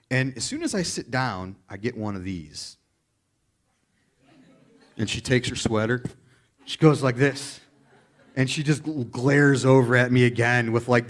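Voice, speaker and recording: A man preaching a sermon as a pastor, in an animated, chatty storytelling way. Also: mid-range voice.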